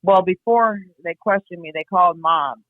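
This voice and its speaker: A woman's voice: on the low side, no room sound. Blunt woman on a tinny phone line. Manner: blunt, swears freely, halting and reflective. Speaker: guest, host's sister. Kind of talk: candid personal account.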